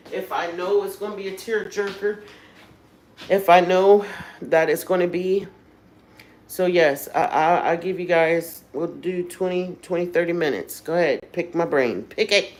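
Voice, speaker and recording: A woman with a low voice hosts a casual livestream. She talks openly and with feeling, speaking right to her viewers. There is a faint noise in the background. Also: steady tone, a little slow, poor audio. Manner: emotional, candid, addresses viewers directly. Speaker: livestream host.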